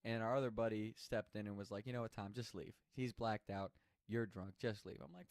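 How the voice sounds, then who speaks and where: A man's voice: on the low side, fairly even intonation, a little fast, dry recording. A man telling a personal story in a casual, chatty way, swearing freely and laughing as he goes.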